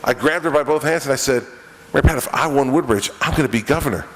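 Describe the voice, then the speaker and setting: Speaking quickly in a medium-pitched, fairly bright voice, a middle-aged politician jokes and tells stories straight to the crowd during a campaign event. The room is an echoing event hall with an audience.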